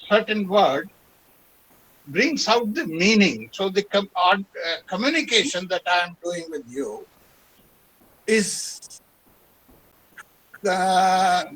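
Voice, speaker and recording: A man, a professor, answering a question on a webinar video call with deliberate, emphatic lecturing and spoken examples. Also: sits high, fairly bright tone, rough recording. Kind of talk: webinar discussion.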